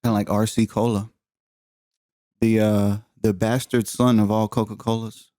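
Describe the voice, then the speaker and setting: A man's voice: fairly low pitch, flat delivery, moderate pace, warm tone, no room sound, clean studio sound. A man co-hosting a casual podcast in a playful, joking way. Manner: playful, calls his partner bro. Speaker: podcast co-host. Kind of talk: casual chat.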